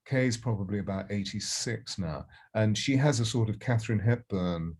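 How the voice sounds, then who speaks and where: Low-voiced, expansive older voice coach. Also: male voice, moderate pace, few pauses, husky. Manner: warm, expansive, reflective. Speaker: voice and presence coach. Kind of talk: interview answers.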